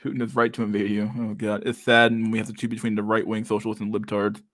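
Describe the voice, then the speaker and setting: A man in his thirties hosting a loose live stream and reading viewer chat aloud. His voice sits low and barely moves in pitch as he swears his way through comments, throwing in "dude" constantly. The sound is dry and close, with almost no room around it. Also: level tone, fast talker, fairly bright tone, no echo. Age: 30s. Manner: casual, profane, says "dude" a lot, reads comments aloud.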